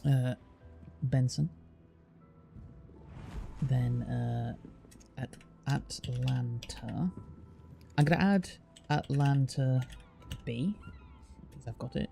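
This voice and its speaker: A man's voice: mid-range voice, slow pace, vocal fry, long pauses, mellow, soft background music. A British man live-streaming, reading out place names one by one and chatting casually with his viewers, with the odd swear.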